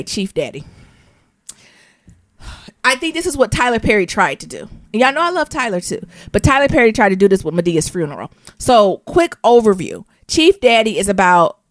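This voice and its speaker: An American woman co-hosting a podcast in casual chat, slangy and animated, laughing often and spelling words out. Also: fairly high pitch, no room sound, studio quality. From United States. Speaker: podcast co-host.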